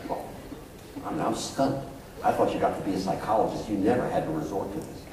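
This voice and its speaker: A man's voice: sits low, brisk, very noisy. A man, a psychologist, giving a talk to parents, telling anecdotes and acting out the quotes in them. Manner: anecdotal storytelling, acts out quotes. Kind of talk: public talk to an audience. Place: school hall. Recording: echoey hall, voice from far off.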